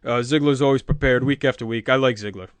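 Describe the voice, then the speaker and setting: A man playing a deadpan, know-it-all sports pundit who keeps repeating the same opinion. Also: medium pitch, quick pace, clean tone, no room sound, close to an everyday voice. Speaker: podcast co-host in comedy bit. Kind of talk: comedic sports-talk parody.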